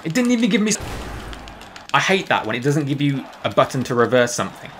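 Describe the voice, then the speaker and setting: A man streaming live gameplay, reacting with excited, jokey commentary. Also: medium pitch, fast, a little hiss or hum. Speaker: game streamer.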